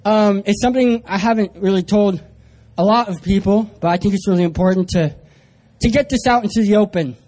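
A man's voice: high voice, brisk, a little mellow. A young man from San Diego preaching a sermon, telling a personal story with self-mocking humor. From San Diego area, US.

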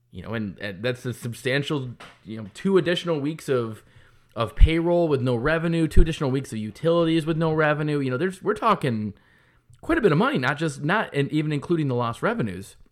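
A kart track's owner, getting his business off the ground, recounts a frustrating story in a casual, heated, profane monologue. He talks briskly and expressively at medium pitch.

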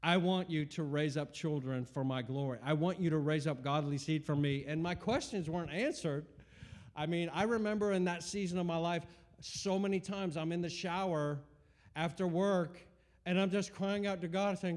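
A man's voice: fairly high pitch, brisk, darkish tone. A man in his forties telling a personal faith testimony in an earnest, rambling way, with many fillers and restarts. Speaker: speaker giving a personal testimony.

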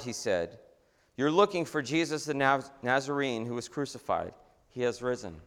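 Animated preacher in a reverberant sanctuary. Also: male voice, medium pitch, moderate pace. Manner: conversational, animated preaching with restarts. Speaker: pastor. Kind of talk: sermon. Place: church sanctuary. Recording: long hall reverb.

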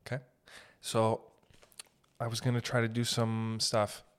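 A man's voice: lowish voice, monotone, measured pace, background noise. A man hosting a casual solo podcast, rambling and making fun of himself. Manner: rambling, self-mocking, drops into silly put-on voices. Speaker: podcast host. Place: home podcast setup.

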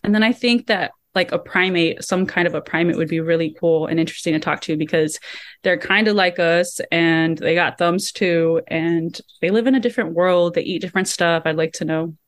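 A woman in a casual group chat, easygoing and quick to laugh. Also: lowish voice, no echo. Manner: giggly, easygoing.

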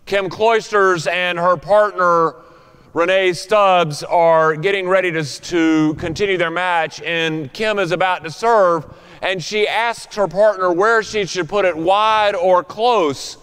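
A man's voice: high-pitched, a bit bright, clear, resonant tone, in a large hall. A male pastor leading prayer and preaching a sermon, telling a story with varied pace and strong emphasis.

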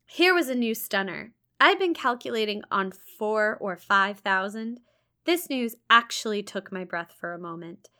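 A woman's voice: medium pitch, expressive, moderate pace, sharp tone. A woman reading a classic first-person novel aloud expressively, with casual amused asides between passages. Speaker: reader.

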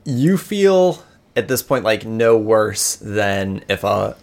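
Guy gm-ing a tabletop game, low voice, lots of uhs. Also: very animated, slow pace, vocal fry. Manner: casual, hesitant, many fillers. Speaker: game master.

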